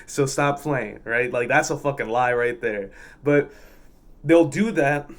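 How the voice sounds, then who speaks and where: A man's voice: medium pitch, a little slow. A man who works as a fuel pump attendant, telling work stories in a blunt, profane, exasperated way. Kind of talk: casual storytelling vlog.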